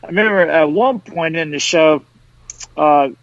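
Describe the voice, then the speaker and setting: A man with a high voice tells stories in loose, casual chat, breaking into laughs between sentences. The recording is dry and a little dull, like a lo-fi podcast mic. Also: normal speed, dry recording. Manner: animated storyteller, laughs mid-sentence. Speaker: podcast host.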